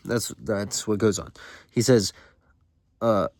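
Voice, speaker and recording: A man's voice: lowish voice, takes it slowly, darkish tone, dry recording. A man hosting a casual read-along, reading from a novel and commenting in loose, slangy, rambling talk with many fillers. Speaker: host reading a novel aloud.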